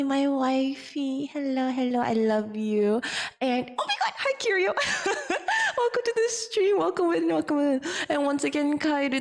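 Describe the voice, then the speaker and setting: A woman streamer talking through a cutesy voice-changer filter that makes her voice higher and warbly. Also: big-room sound. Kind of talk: casual chat.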